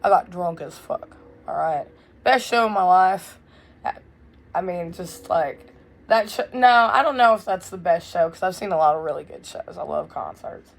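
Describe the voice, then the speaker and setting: A young woman telling a wild story in a casual, blunt, profane way, loud and animated. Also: fairly low pitch, moderate pace, gravelly. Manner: blunt, profane, swears freely. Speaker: vlogger.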